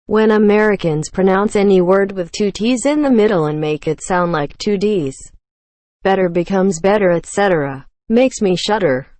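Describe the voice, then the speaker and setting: A woman narrating, reading short online forum comments one after another in a plain, even delivery. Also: medium pitch, normal speed, hardly any pauses, no room sound. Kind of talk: scripted reading of forum posts.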